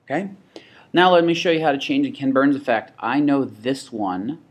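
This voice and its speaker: A man with a young child, teaching a software tutorial in a casual, think-aloud way, with restarts and asides. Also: mid-range voice, animated, normal speed. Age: adult with a child. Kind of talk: screen-recorded tutorial.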